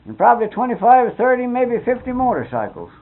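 A man's voice: very high voice, sing-song, fast talker. An older man telling folksy, rambling anecdotes in a colloquial way, with mild oaths here and there. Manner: folksy, colloquial, swears mildly. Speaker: interviewee. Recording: tinny narrow-band old tape.

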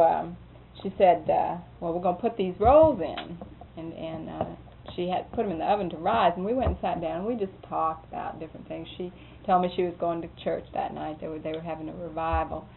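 A woman's voice: lowish voice, steady tone, moderate pace, gravelly. A woman casually telling a rambling, folksy anecdote in an interview, often quoting what others said. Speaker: storyteller being interviewed. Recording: tinny phone-like recording with faint noise.

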